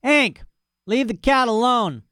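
A man voicing a gruff, impatient rancher who scolds his dog in an audiobook. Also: extremely high pitch, animated, moderate pace, darkish tone, no room sound, studio quality, pitched above the performer's own voice. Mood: scolding. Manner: scolding, weary. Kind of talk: audiobook character voice.

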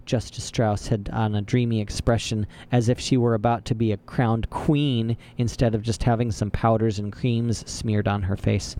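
Male storybook narrator, steady and even, warm mellow tone. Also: on the low side, moderate pace, hardly any pauses. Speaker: audiobook narrator. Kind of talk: scripted narration.

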